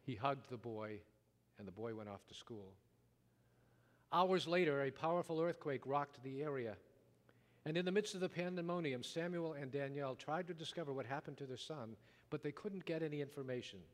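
A man preaching a sermon, telling a story dramatically, rising loud and dropping to a hush. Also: medium pitch, normal speed. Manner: dramatic storytelling, wide swings from loud to hushed. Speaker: pastor. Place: church sanctuary. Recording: long reverb of a large hall.

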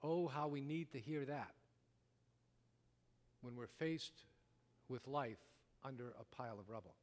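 A man preaching a sermon, telling a story dramatically, rising loud and dropping to a hush. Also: mid-range voice, a little slow. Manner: dramatic storytelling, wide swings from loud to hushed. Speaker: pastor. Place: church sanctuary. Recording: long reverb of a large hall.

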